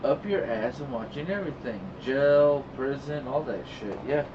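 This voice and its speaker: A man's voice: medium pitch, lively intonation, moderate pace. A man co-hosting a casual podcast, cutting in with blunt, crude remarks. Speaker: podcast co-host. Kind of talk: casual chat. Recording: distant lo-fi mic with clear room noise.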